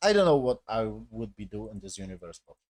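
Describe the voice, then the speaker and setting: A man's voice: fairly low pitch, big pitch swings, fairly quick, a little mellow, dry recording. A man giving a casual, rambling recap of a show episode in non-native English with broken grammar. He swears a lot and keeps checking in with "basically" and "yes?". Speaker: episode reviewer.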